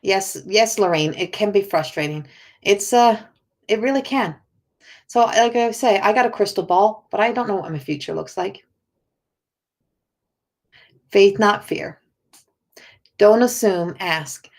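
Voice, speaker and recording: A woman spiritual coach chats to viewers on a live stream in an ordinary conversational register. Her delivery is earnest and encouraging, but halting, and she often repeats words and restarts her sentences before finishing a thought. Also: mid-range voice, expressive. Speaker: spiritual coach and oracle card reader.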